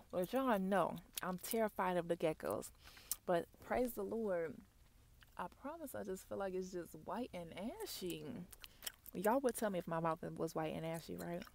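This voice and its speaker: A woman, telling a chatty, animated ASMR story in soft, half-whispered role-play, close to the mic. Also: on the low side, gravelly, a little hiss or hum. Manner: chatty, animated storytelling, addresses viewers as y'all. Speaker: ASMR vlogger.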